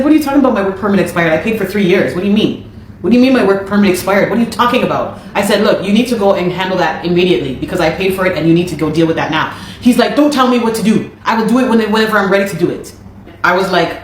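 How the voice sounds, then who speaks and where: A Canadian woman telling her own story in a casual, exasperated way, repeating herself as she goes. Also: lowish voice. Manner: animated, exasperated retelling with repeated phrases. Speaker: interviewee. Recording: echoey room.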